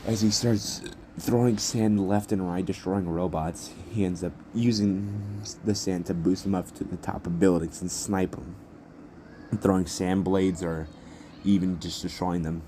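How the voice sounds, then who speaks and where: A man's voice: deep voice, fairly even intonation, measured pace, mellow, slight background noise. A young man improvising a fan story as narrator, rambling and correcting himself as he goes.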